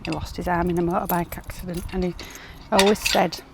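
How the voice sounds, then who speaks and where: A woman's voice: lowish voice, little pitch movement, a little fast, vocal fry. A woman chatting casually to her phone camera as she goes about her allotment and home, talking fondly to her chickens and pets. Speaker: allotment vlogger. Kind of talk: casual vlog chat. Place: outdoors at an allotment and around home. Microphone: phone held in hand. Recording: noisy outdoor phone recording.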